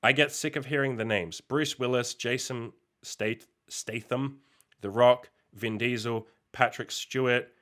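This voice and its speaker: A man's voice: mid-range voice, fairly even intonation, a little slow, fairly bright tone. A young man hosting a casual podcast monologue, reacting with exasperated, incredulous, sweary outbursts. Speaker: podcast host reacting to a post.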